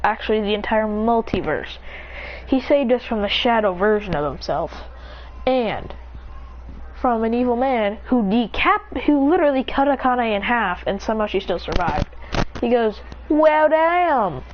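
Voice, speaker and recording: A woman narrating an improvised story in a rambling, breathless way, jumping up in pitch to voice the characters. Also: lively intonation, normal speed, muffled recording.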